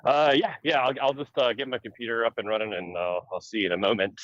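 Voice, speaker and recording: A man's voice: medium pitch, steady tone, fast talker, fairly bright tone, no echo, highs cut off. A man joining a podcast by video call while walking outdoors, chatting playfully. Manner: playful, joking. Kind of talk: casual chat. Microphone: phone on a video call.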